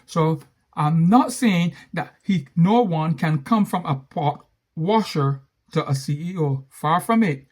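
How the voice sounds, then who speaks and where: A man's voice: fairly high pitch, takes it slowly, a little mellow. A man telling a story in a monologue, stressing points and repeating key phrases for effect.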